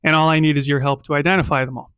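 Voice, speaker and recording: A man's voice: a little high, level tone, rapid-fire, a bit bright, clean tone, no echo, studio quality, natural voice. A man playing a pompous crowd-rousing governor. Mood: rallying. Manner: grandiose, speechifying. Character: pompous boastful male governor addressing a crowd.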